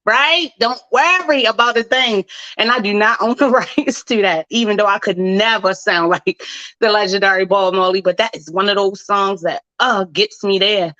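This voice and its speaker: Woman host, animated and playful, dry close sound. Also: medium pitch, moderate pace, no echo, highs cut off. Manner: animated, playful catchphrases, calls out to listeners. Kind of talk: casual radio talk show with prayer.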